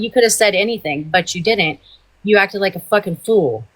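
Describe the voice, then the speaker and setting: A woman's voice: medium pitch, moderate pace, a bit bright. A woman hosting a livestream, in a heated, profane and rambling rant. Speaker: livestream host.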